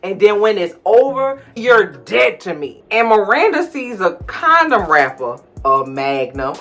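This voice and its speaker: A woman hosting a casual TV recap, sassy and laughing, with loud outbursts. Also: medium pitch, big pitch swings, unhurried, few pauses, faint music behind. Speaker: show recap host.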